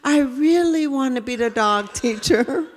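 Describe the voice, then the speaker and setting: A woman's voice: high voice, lively intonation, measured pace, pitched above the performer's own voice. A woman voicing a sweet, earnest little preschool boy. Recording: reverberant hall.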